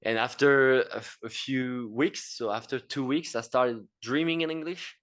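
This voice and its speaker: French guy on a podcast, english with a french accent, lots of "you know" and restarts, middle pitch. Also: moderate pace, a bit bright. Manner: rambling, many fillers and repeated words. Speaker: podcast guest, engineer and entrepreneur. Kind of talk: casual interview chat.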